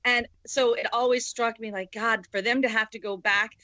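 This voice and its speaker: A woman's voice: a little high, fairly even intonation, moderate pace, bright, forceful tone, no echo, highs cut off. A woman co-hosting a casual movie podcast, talking emphatically and gushing about actors. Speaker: podcast co-host.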